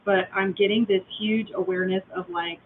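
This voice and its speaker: High-voiced animated man on a tinny stream. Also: fairly quick. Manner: animated storytelling, acts out quotes. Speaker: co-host. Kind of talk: casual live chat. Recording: phone-like live stream audio, faint noise.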